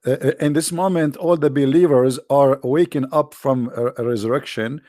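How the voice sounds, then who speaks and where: A man's voice: medium pitch, normal speed, dark tone, no room sound, clean studio sound. A man with an Arabic-accented English hosting a livestream, talking in a sarcastic, mocking casual commentary. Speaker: livestream host.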